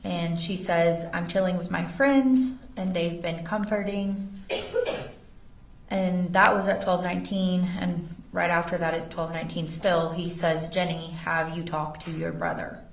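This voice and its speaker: A woman's voice: lowish voice, level tone, unhurried, vocal fry, slight background noise. A woman testifying as an investigator in a courtroom, carefully reading text messages aloud. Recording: echoey courtroom audio from far off.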